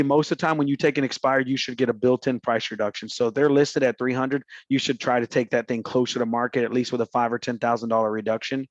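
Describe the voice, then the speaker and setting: A man talks real estate in a loose, slangy coaching style. He slips into little acted phone calls as he goes. His voice sits at a middle pitch, and the recording is a bit muffled and dry. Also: no echo. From Houston, Texas. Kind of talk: casual coaching talk.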